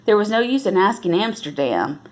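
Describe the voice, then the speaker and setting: A woman reading a novel aloud at an unhurried pace, now and then correcting herself and lifting her voice for the characters' lines. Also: mid-range voice, sing-song, darkish tone. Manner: unhurried, with self-corrections and restarts. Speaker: reader.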